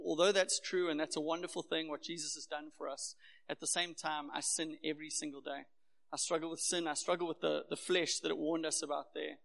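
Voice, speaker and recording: Gravelly South African man preaching. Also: on the high side, a bit bright. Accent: South African, Durban. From Durban, South Africa. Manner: earnest, personal, conversational preaching. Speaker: pastor. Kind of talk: sermon. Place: church hall. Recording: echoey hall.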